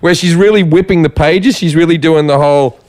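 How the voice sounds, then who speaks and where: A man's voice: a little high, brisk, a little mellow, a little hiss or hum. A man as a podcast guest telling a brash, profane story in casual chat.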